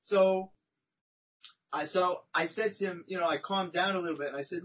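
A man, a podcast guest, telling a long personal story in a chatty, animated way, often tagging his sentences with "right?" and "you know?". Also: sits high, moderate pace, breathy edge, low-quality recording. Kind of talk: conversational storytelling.

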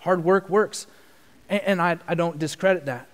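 A man preaching a sermon in an earnest tone, swelling into loud emphasis. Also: high voice, normal speed. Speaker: pastor. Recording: long church reverb.

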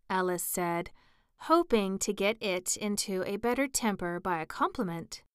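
Woman reading a storybook, slow and smooth, dry close sound. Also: medium pitch, expressive, no echo. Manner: measured and clear. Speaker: narrator. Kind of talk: audiobook narration.

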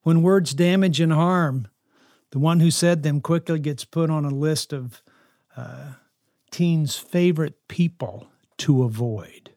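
An older man talks earnestly to fellow grandparents, his voice sitting a little high for a man. He is animated and emphatic, returning to the same phrases for weight. The recording is dry and close, with no room sound. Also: slow pace, dry recording. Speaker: speaker on grandparenting.

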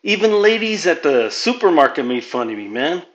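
Speaking at normal speed in a sing-song voice on the high side, this Southern California man riffs profanely and meanderingly as a podcast host, mixing Spanish phrases into his English. The home-mic recording sounds lo-fi.

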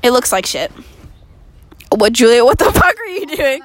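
A teenage girl telling stories in casual chat, animated and swearing freely. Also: high-pitched, normal speed, no room sound.

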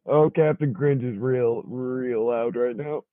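Podcast co-host, dry short quips, tinny phone-like sound, mid pitch. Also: takes it slowly, no echo. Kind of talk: casual chat.

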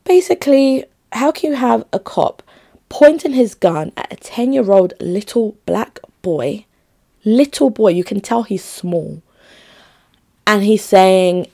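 A woman's voice: mid-range voice, a little mellow. A young adult woman chatting casually to her viewers, emphatic and often restarting her phrases. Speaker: vlogger. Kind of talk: casual talk to camera.

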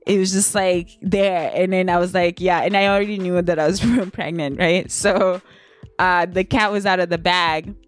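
Young woman, casual vlog storyteller, lively and giggly, mid-pitched voice, light music bed. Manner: animated, laughs often, squeaks high when acting out shock. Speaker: vlogger.

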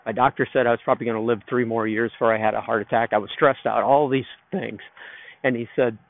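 A man's voice: mid-range voice, steady tone, quick pace, dry recording. A man hosting a podcast, telling a loose, rambling story in a reflective solo monologue from outdoors in a park. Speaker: podcast host. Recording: narrow phone-like sound.

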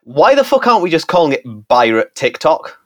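An animated male podcast co-host on a loose rant. His pitch moves a lot, rising and falling as he makes his case. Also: brisk, a crowd in the background. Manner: ranting, animated. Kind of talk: casual banter.

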